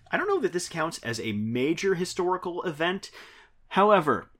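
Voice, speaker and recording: A man's voice: high-pitched, very animated, normal speed, fairly bright tone. A man in his thirties hosting a podcast in a casual, rambling style, often chuckling as he talks. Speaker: podcast host. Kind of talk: casual chat.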